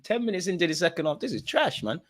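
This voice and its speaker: A young man, streaming a live football watchalong, shifting between nervous muttering and loud outbursts at the referee. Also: high-pitched, quick pace. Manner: animated, swings from muttering to shouting at the ref. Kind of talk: live match reaction commentary.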